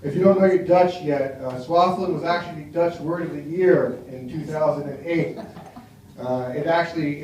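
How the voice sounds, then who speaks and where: A man's voice: fairly high pitch, a little mellow. An American man performing a stand-up comedy set in a small café bar, chatting wryly with the crowd. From United States. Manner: wry, chatty crowd work. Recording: echoey room from far off, faint noise.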